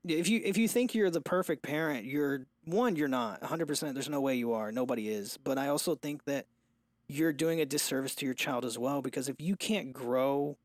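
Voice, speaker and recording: A young man speaks as a father on a casual podcast, candid and a little rambling, often restarting his thoughts. His voice sits at a middling pitch. The sound is dry and close, with almost no room. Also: fairly quick, no room sound. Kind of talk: casual chat.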